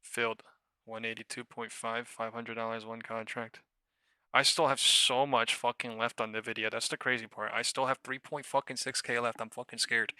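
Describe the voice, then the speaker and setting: A man streaming his live day trading, muttering profanely and anxiously to himself, with sudden shouts away from the microphone. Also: medium pitch, little pitch movement, moderate pace, clear, resonant tone, dry recording.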